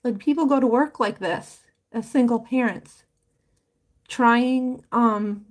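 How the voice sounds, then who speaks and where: A woman's voice: fairly high pitch, slow pace. A woman talking casually on a live stream about her home business, rambling and heartfelt with many fillers and restarts, her voice wavering with emotion. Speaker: livestreamer promoting a home business.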